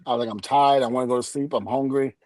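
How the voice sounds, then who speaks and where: This fast-talking middle-aged man has a mid-range voice and no echo around him. As a podcast guest, he shares a story in relaxed chat, animatedly performing each quote and laughing along.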